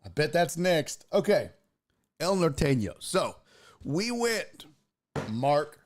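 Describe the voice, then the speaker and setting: A man's voice: on the high side, takes it slowly, pauses often, slight background noise. A young man hosting a casual sports podcast, joking around and cursing freely. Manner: profane, animated, joking. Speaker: podcast host.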